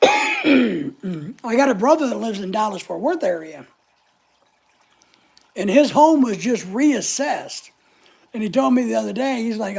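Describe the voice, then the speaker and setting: A woman's voice: fairly high pitch, wildly swooping pitch, measured pace, vocal fry, long pauses, darkish tone, slightly rough. An older woman hosting a casual live chat, talking in a blunt, opinionated, chatty way. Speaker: channel host answering live chat.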